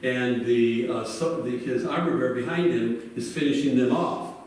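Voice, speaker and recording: A man's voice: medium pitch, moderate pace, a little mellow, heavy reverb, distant mic, rough recording. A male pastor telling a Bible story in a sermon, acting out the characters' lines with animation.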